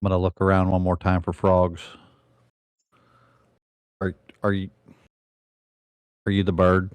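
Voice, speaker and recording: A man's voice: low voice, completely flat delivery, a little slow, clear, resonant tone, no room sound. Stammering man playing a tabletop game. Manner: hesitant, stammering. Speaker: player. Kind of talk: in-character tabletop play.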